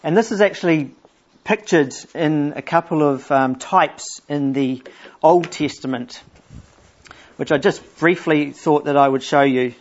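A middle-aged man preaching a sermon, explaining scripture earnestly and reading verses aloud slowly. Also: a little high. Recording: dull lo-fi church recording.

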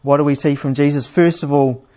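A man preaching a sermon in a plain, unhurried teaching manner, asking his listeners questions. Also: fairly high pitch, steady tone, a little mellow. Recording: slightly dull, lo-fi sound.

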